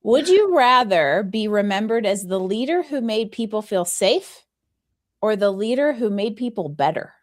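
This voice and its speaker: A woman's voice: mid-range voice, big pitch swings, moderate pace, dry recording. A woman co-hosting a casual podcast chat, talking animatedly and laughing often. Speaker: co-host.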